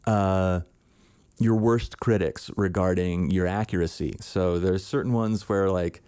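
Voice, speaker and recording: Casting note: man in casual podcast chat, low mellow voice, relaxed and easygoing. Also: unhurried, clear, resonant tone. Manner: relaxed, thoughtful storytelling. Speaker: voice actor guest.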